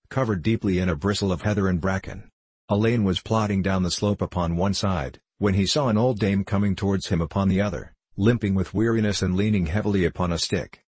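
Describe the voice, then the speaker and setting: A man reading a story aloud in measured, steady scripted narration, close to the mic. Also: low-pitched, breathy edge, no echo. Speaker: audiobook narrator.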